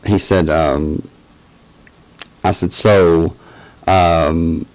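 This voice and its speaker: Man, deep slow voice, halting casual storyteller with lots of fillers. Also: a little mellow, low-quality recording. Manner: hesitant, full of fillers and restarts. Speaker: channel host telling a personal story.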